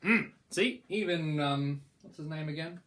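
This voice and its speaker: A man's voice: a little high, unhurried, a bit bright. A young man giving a casual product review, rambling and playful, with mock-grand praise.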